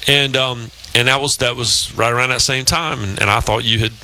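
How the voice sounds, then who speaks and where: A man's voice: mid-range voice, steady tone, a little fast, sharp tone, slight background noise, rough recording. A man in his fifties hosting a sports talk show, telling long rambling anecdotes in casual chat. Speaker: radio show host.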